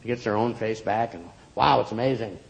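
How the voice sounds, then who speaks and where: A man telling a story aloud in an expressive, playful way, acting out the characters. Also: fairly low pitch, normal speed, creaky, rough recording. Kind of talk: oral storytelling.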